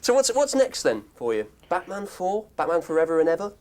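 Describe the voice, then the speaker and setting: A man hosts a breezy TV interview, his pitch rising and falling in a lively way. He needles his guests with cheeky questions. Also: fairly quick, slight background noise.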